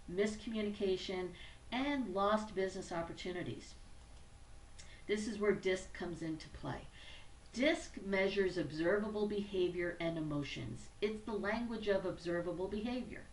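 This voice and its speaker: A woman's voice: mid-range voice, far from the mic. An upbeat woman gives a recorded training tutorial in an easy, conversational way, now and then restarting a phrase. She sits a little back from the mic, in a roomy space with some echo. A faint hum of background noise runs underneath. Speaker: business trainer.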